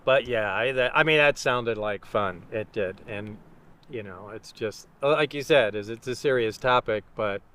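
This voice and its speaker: A man in casual conversation, relaxed and agreeable. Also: mid-range voice, normal speed. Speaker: guest.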